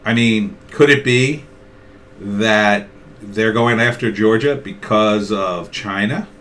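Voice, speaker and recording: A man's voice: lowish voice, slow. A middle-aged man giving a casual political opinion monologue, acting out both sides of imagined conversations. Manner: acts out both sides of imagined dialogues, animated. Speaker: political commentator.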